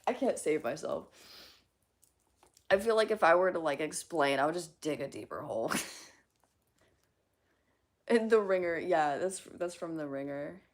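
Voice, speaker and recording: A woman's voice: deep voice, expressive, normal speed, pauses often. A woman live-streaming in casual chat, giggling often, reading chat aloud and swearing casually.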